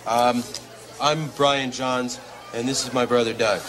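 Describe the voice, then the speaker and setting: An actor playing a dim-witted Canadian hoser brother who hosts a TV show, talking haltingly with lots of "like" and "eh". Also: male voice, medium pitch, fairly even intonation, soft background music, lightly acted. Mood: nervous. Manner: halting, sprinkles "like" and "eh". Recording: archive TV clip with loud audience.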